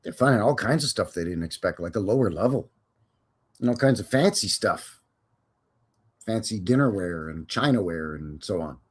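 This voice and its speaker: A man's voice: fairly low pitch, expressive, moderate pace, breathy edge. A man hosting a casual live stream, chatting in a folksy, rambling way with jokes and cowboy slang.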